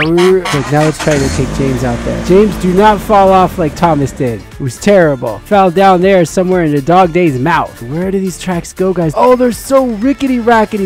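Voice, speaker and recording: A gameplay channel host giving excited commentary for kids, full of exclamations and calls to the viewers. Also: mid-range voice.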